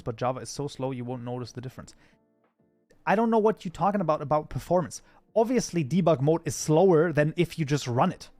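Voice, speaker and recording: A man's voice: on the high side, a little mellow. A man whose first language is German, chatting casually with his live-stream chat while coding, often breaking into mock outrage. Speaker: streamer, mod programmer.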